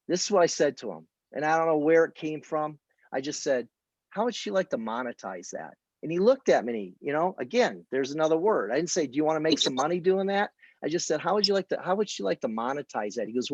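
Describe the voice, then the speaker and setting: Coaching an audience on how to pitch a business opportunity, a man tells stories casually and plays out conversations. He has a fairly high voice, recorded with no room sound and the highs cut off.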